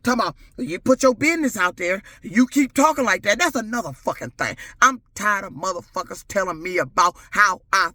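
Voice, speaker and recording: A woman's voice: a little high, sing-song, moderate pace, bright, forceful tone, no room sound. A middle-aged woman, ranting angrily and profanely to her camera as a vlogger. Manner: furious, profane, confrontational. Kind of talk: angry rant to camera.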